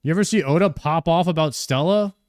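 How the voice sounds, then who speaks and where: A man's voice: fairly high pitch, fairly quick, a little mellow. A man streaming a video game live, chatting casually and thanking viewers by name.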